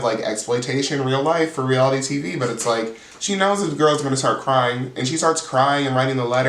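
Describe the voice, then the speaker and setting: A man's voice: mid-range voice, fairly bright tone, slight background noise. Chatty gossipy man recapping. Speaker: reality TV reviewer, channel host. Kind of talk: casual recap chat. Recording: roomy sound, distant mic.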